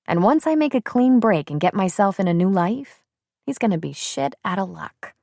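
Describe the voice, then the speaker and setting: A woman's voice: mid-range voice, expressive, moderate pace, creaky, a little mellow, dry recording, clean studio sound, pitched above the performer's own voice. A woman voicing a determined, spirited young niece who speaks firmly and emphatically. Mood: sassy. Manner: firm, upbeat and emphatic.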